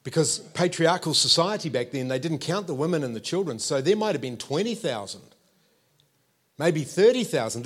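A man, preaching a sermon with animated storytelling and playful asides to the congregation. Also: fairly high pitch, husky. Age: 50s.

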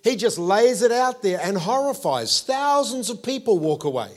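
A man, preaching a sermon with animated storytelling and playful asides to the congregation. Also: high voice, normal speed. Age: 50s.

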